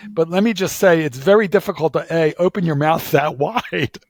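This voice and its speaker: A man from Philadelphia tells an animated story in casual conversation, stumbling over repeated "like"s and restarts as he gets going. His voice sits a little on the higher side, and the recording is close and dry, with no room sound. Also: moderate pace, no room sound.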